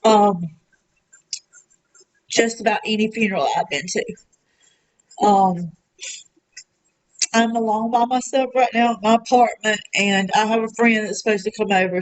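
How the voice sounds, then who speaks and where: A heartbroken woman, speaking alone at home in a raw confessional vlog, halting with many fillers and pauses, close to tears. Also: mid-range voice, fairly even intonation, rough recording. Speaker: vlogger. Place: her apartment.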